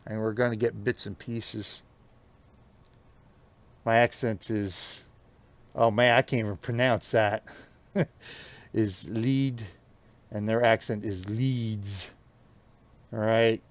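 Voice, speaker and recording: Slow and level, with long pauses, a lowish-voiced American man from the Northeast talks to his viewers while gaming. As a streamer, he rambles through the commentary and laughs a lot.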